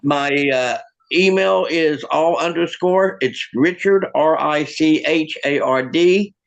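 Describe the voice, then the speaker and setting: A man doing a stand-up comedy set, with deadpan one-liners and halting restarts. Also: fairly high pitch, gravelly, muffled recording.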